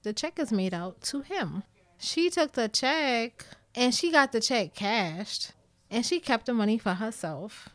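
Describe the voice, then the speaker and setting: A woman's voice: on the high side, animated, unhurried, fairly bright tone, no echo, clean studio sound. Blunt, profane New York woman. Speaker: vlogger. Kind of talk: candid storytime talk to viewers.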